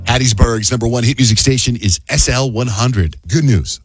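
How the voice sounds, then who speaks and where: A man's voice: medium pitch, normal speed, faint music behind. A man hosting a radio show in casual chat, upbeat and teasing as he recaps a caller's story. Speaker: radio host. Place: radio studio.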